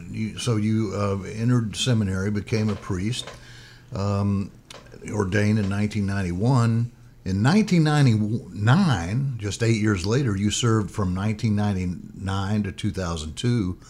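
A male interviewer with a somewhat low voice asks questions in a hesitant way. He strings his thoughts together with fillers before landing on the question. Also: unhurried, darkish tone.

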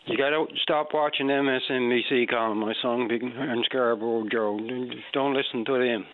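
Man calling in, brash, dismissive, rambling, mid-pitched, tinny phone line. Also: fairly even intonation, normal speed. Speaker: caller. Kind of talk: call-in radio opinion.

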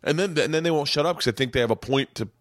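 A man's voice: fairly high pitch, rapid-fire, dry recording, clean studio sound. A man hosting a podcast, telling stand-up club stories in casual, profane chat and acting out the quotes in a raised voice. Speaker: podcast host and comedian. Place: small home studio room.

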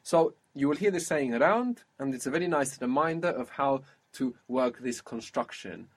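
A man teaching a one-on-one spoken language lesson, patiently explaining and modelling words slowly. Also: mid-range voice, expressive, breathy edge.

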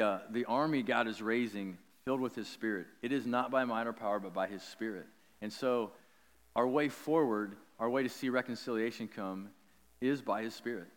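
A man preaching a sermon, telling a personal story in an animated, chatty way with lots of likes and ums. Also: medium pitch, moderate pace, long reverb tail. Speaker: pastor.

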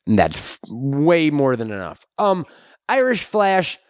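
Wry male host with a lively voice. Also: a little high, unhurried, no echo, clean studio sound. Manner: wry, deadpan questioning. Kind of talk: improv interview.

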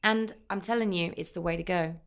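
A woman guest on a podcast interview talks about acting in a reflective, deliberate and emphatic way. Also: lowish voice, fairly even intonation, clear, resonant tone. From England. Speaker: actor guest.

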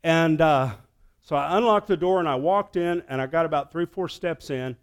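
A man preaching as pastor of his church, telling a story, dropping to a hush and then rising to loud, excited peaks. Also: a little high, moderate pace, smooth. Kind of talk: sermon. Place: church sanctuary.

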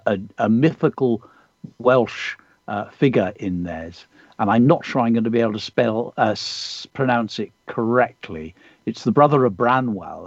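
A man's voice: lowish voice, husky, no echo, highs cut off. Encouraging man leading a poetry workshop. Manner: encouraging, gently explanatory. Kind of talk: teaching and reading pupils' poems aloud.

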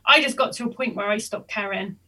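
A woman's voice: mid-range voice, bright, forceful tone, breathy edge, far from the mic. A woman speaking as a studio guest in a frank, reflective way. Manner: frank, reflective, talks in quick bursts. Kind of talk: casual conversation.

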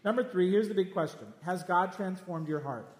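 High-voiced pastor guy preaching hard, keeps repeating himself, big echoey church sound. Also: a little fast. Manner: emphatic, repeats lines, speaks straight at listeners. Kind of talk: sermon. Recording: echoey hall with long reverb.

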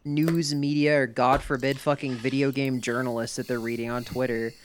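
A man's voice: mid-range voice, level tone, moderate pace. A young man with a mid-range voice in loose banter. He talks bluntly, swears often and keeps the jokes crude. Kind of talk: casual gaming chat.

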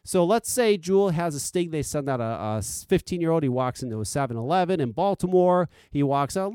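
Animated man ranting with heat. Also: a little high, brisk, hardly any pauses, clear, resonant tone, no echo. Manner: heated, profane, animated rant. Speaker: vape channel host. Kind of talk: ranting commentary.

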